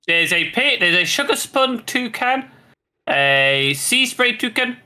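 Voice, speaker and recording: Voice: mid-range voice, sing-song, slow pace, pushed and bright. A co-player chatting casually and explaining game menus with many hesitations. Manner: helpful, explaining, hesitant with fillers. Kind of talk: casual gameplay chat.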